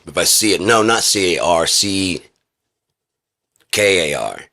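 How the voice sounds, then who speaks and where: Talking on his own indoors near a heater, a vlogger swears casually and rambles through a lecturing rant. His low voice is gravelly with a sharp tone, lively intonation and an unhurried pace.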